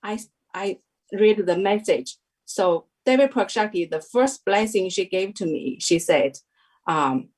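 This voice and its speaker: A woman's voice: mid-range voice, a little slow, a little mellow, poor audio. A woman in her thirties telling her story as an interview guest, hesitant and full of fillers, with non-native phrasing. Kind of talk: personal testimony in an interview.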